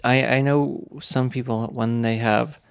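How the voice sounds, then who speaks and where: A young man hosts a casual podcast interview, putting slow, halting questions with plenty of fillers. His gravelly voice is still smooth and resonant, and his delivery stays flat and unhurried. The recording is dry and close. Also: medium pitch, no room sound. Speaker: podcast host.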